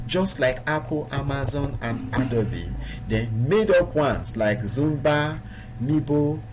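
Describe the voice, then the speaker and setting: A man's voice: mid-range voice, a little mellow, slight background noise. A man giving a recorded training lesson to his students, stressing points by repeating words. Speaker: online business trainer.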